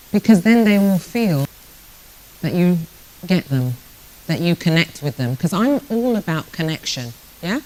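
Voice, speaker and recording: A British woman in her sixties, a networking speaker, gives a motivational talk full of stories and jokes, addressing the audience directly. Her voice is on the low side and very animated, with a measured pace and darkish tone, captured in a rough recording.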